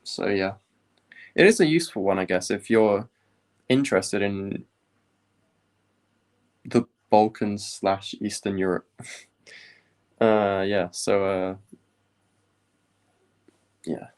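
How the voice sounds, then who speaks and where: A young man from the UK chatting casually on a study live stream, rambling with many pauses and fillers. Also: fairly low pitch. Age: young adult. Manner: relaxed, rambling, many ums.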